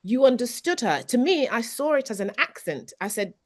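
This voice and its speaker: A woman's voice: fairly high pitch, big pitch swings, moderate pace, darkish tone. A woman speaking as a panelist in a casual podcast discussion, earnest and often restarting her sentences. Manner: earnest, restarts often, stresses key words.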